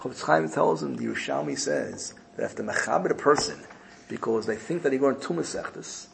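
A man's voice: medium pitch, fairly quick, vocal fry, background noise. A man giving a Torah lesson in sermon style, telling a story emphatically and often repeating his phrases. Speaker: Torah teacher.

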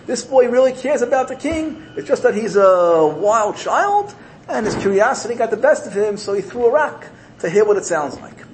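A man's voice: big pitch swings, moderate pace, a little mellow, slight background noise, low-quality recording. A man voicing an earnest male defense lawyer who pleads for mercy in a spoken parable. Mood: pleading. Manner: pleading, rising high and emphatic.

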